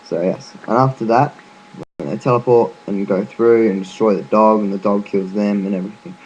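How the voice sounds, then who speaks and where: Man, lowish voice, casual rambling explainer, fillers and restarts, offhand swearing. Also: fairly even intonation, normal speed, a little mellow, dull audio, a little hiss or hum. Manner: loose and chatty, with frequent fillers and restarts. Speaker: gaming video narrator.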